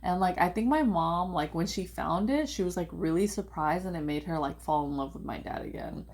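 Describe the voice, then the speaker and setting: Young woman, lowish voice, casual storytelling, rambling, says "like" a lot. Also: a little fast. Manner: rambling, heavy use of "like", animated quoting of family.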